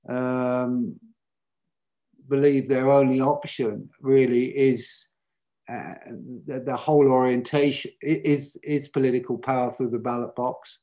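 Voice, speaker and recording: A man's voice: medium pitch, dark tone. A man, a film director on a panel, answering a question thoughtfully with many hesitations and restarts.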